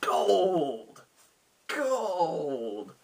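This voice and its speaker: A man's voice: fairly high pitch, huge pitch swings, extremely slow, gravelly, husky, recorded from a distance, pitched above the performer's own voice, exaggerated voice. A man voicing a manic, rambling mad king in a retold tabletop game, with theatrical exclamations.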